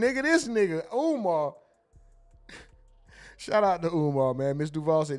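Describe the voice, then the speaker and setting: A man's voice: sits high, very animated, a little slow. A man hosting a casual livestream, reading out chat comments in a loose, joking and profane way. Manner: loose, joking, profane, sings and mumbles to himself. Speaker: streaming show host.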